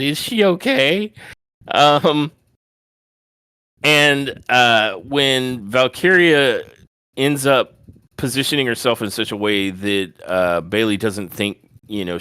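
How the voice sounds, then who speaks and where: A man co-hosting a podcast, giving a detailed, casual play-by-play recap of a wrestling match with animated asides. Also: on the low side, clean tone, no echo, clean studio sound. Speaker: podcast co-host.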